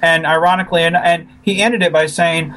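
Animated man venting in casual chat. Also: fairly high pitch, fairly quick, a little hiss or hum, low-quality recording. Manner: animated, frustrated, repeats himself. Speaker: fan filmmaker.

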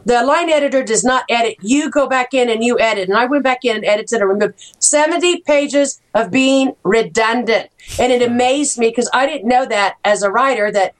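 Animated middle-aged woman telling writing stories. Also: a little high, moderate pace, hardly any pauses. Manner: animated storyteller, acts out quoted voices. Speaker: author guest. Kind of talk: casual chat.

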